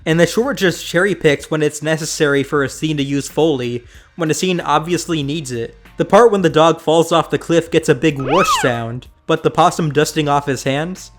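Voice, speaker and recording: A man's voice: on the high side, moderate pace, over music. A young man hosting a sarcastic review of old cartoons. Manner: sarcastic, mocking. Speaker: host.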